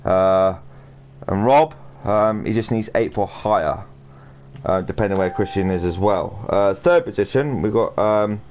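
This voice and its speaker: A man's voice: lowish voice, a little slow, a little mellow, muffled recording. A man casually commentating a sim racing stream, rambling and chatty with lots of fillers and restarts. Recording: noisy home stream audio.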